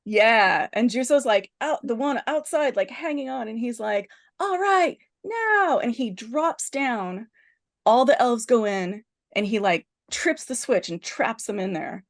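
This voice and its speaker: A woman's voice: on the high side, unhurried. A woman podcast host in casual chat, animatedly retelling a horror film's plot with lots of "like" and restarts. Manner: animated storyteller, heavy use of "like" and restarts.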